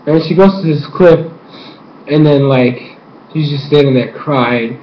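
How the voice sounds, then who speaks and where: A man giving a rambling, gushing recap of a cartoon episode, excitable and casual. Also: fairly high pitch, normal speed. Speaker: fan reviewer. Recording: roomy, dull lo-fi home recording with faint noise.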